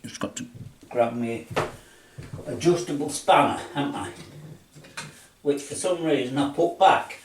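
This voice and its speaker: A man's voice: medium pitch, a little hiss or hum. An older man with an English accent, chatting his way through a workshop demonstration as he assembles something, talking himself through each step. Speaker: hobbyist restorer. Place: home workshop.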